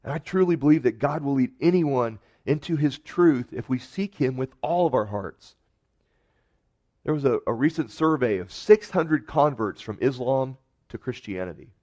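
A man preaching a sermon earnestly, rising to emphatic peaks and dropping to soft, quiet lines. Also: medium pitch, animated, normal speed. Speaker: pastor.

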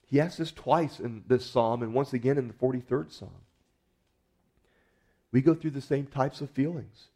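A man's voice: medium pitch, normal speed, long pauses, dark tone. A man preaching a sermon in an earnest, conversational way, often restarting his words as he goes. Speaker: pastor.

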